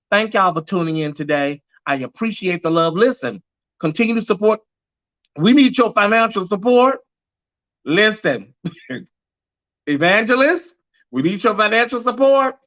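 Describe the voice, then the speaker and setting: High, bright-voiced sassy male show host. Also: highs cut off. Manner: sassy, sermon-like, calls viewers y'all, girl and honey. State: a little nervous. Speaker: host of a live pop culture show. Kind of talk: live stream show, preachy direct address to viewers.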